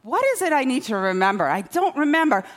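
A woman's voice: high-pitched, sing-song. A woman voicing God as an absent-minded male figure who stumbles while trying to recall something, in a sermon. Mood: flustered. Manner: halting, searching, stops to recall.

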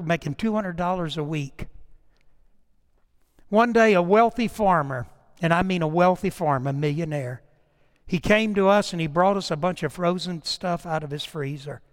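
A middle-aged man preaching a sermon with passion, swinging from loud declarations to hushed storytelling and repeating words as he goes. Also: sits high, long reverb tail. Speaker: pastor.

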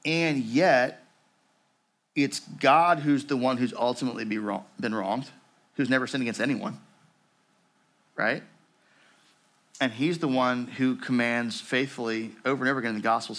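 Guy preaching, chatty and animated, goes quiet and low telling a story. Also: normal speed, pauses often. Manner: animated, conversational preaching with fillers and rising emphasis; drops to a hushed, low voice when reading the story. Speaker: pastor. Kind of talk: sermon with read-aloud story.

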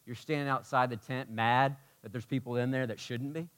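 A man preaching a sermon in a casual, conversational way, dropping to hushed tones and rising to near shouts with passion. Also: medium pitch, fairly even intonation, brisk. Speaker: pastor.

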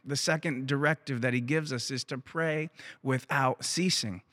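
A man's voice: mid-range voice, fairly even intonation, normal speed, fairly bright tone. A man preaching a sermon as pastor, emphatic and repeating phrases for weight. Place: church.

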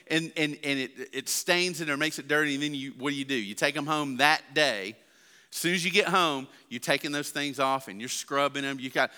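Bright-voiced preacher in a reverberant hall. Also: male voice, fairly high pitch, clean tone. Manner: conversational, asks the congregation questions. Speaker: pastor. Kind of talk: sermon.

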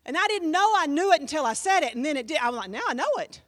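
Woman pastor teaching a class: high-pitched, chatty, emphatic teller with a dry sound. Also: fast talker, dry recording. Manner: animated, emphatic, conversational with many fillers.

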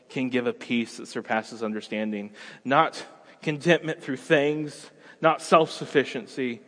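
A man in his thirties preaching a sermon as a pastor, conversational and animated, acting out everyday scenes. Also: fairly high pitch, in a large hall.

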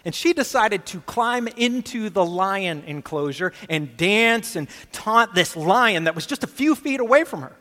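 Man, pastor, earnest emphatic sermon, rhetorical questions, fairly high voice, long hall reverb. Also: animated, measured pace, few pauses, bright, forceful tone.

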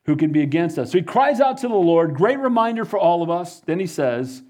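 A man's voice: fairly high pitch, sing-song, a little fast, darkish tone. A man pastor preaching a sermon, building to fervent emphasis and asking "Amen?" as he goes.

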